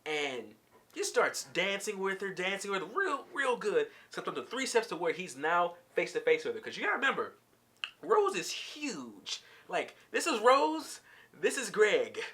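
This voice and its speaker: A man vlogging a casual, slangy recap of a cartoon episode, telling the story with animated energy. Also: sits high, moderate pace.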